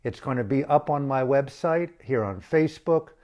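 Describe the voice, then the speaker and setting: A man giving an impassioned spoken address as an activist, slow and emphatic, with dramatic pauses and repeated phrases. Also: medium pitch, lively intonation, darkish tone. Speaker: activist speaker.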